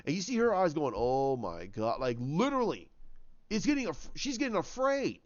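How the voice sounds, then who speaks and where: A man giving casual commentary on films, rambling and animated, acting out scenes in voices. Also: high voice, brisk, dull audio. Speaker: YouTube commentator.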